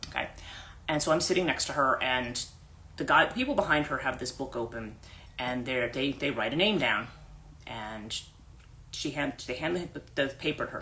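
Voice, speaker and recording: A woman's voice: sits low, bright, forceful tone. A woman life coach hosting a livestream, telling a story casually with many restarts and asides, into a phone mic.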